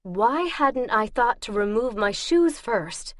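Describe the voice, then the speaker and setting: Slow, measured woman audiobook narrator. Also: fairly high pitch, animated, no echo, studio quality. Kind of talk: first-person audiobook narration.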